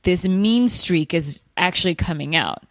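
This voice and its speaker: A woman's voice: on the low side, lively intonation, a little slow, no echo. A woman co-hosting a podcast in casual chat, agreeable and supportive. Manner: supportive, agreeable, short interjections. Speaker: podcast co-host.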